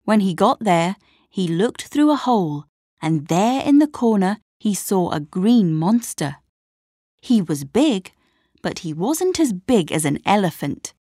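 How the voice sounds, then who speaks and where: A woman narrating a story slowly and clearly for language learners. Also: medium pitch, no echo, clean studio sound. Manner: clear, expressive, measured.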